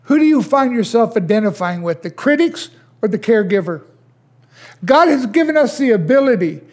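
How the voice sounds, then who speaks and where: An older man preaching a sermon as pastor, asking his listeners question after question and dropping to a hush at times. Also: very high voice, big pitch swings. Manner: slow, questioning preacher who swings from loud to hushed.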